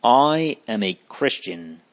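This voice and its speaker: A man voicing a brave, gray-haired old bishop who answers calmly and steadily in a read-aloud story. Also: medium pitch, slow. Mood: calm, steadfast. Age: older. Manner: calm, steadfast.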